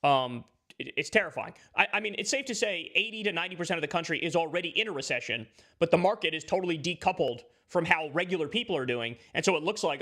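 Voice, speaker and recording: A man's voice: fairly high pitch, lively intonation, fast, pushed and bright. A man in his thirties giving live political commentary, emphatic and swearing freely as he rants. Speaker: political streamer.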